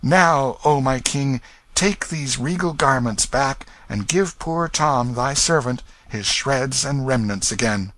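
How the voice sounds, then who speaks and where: A man's voice: medium pitch, unhurried, voice pushed up. A man voicing a ragged, humble boy who pleads eagerly. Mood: humble pleading. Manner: pleading, excited outbursts.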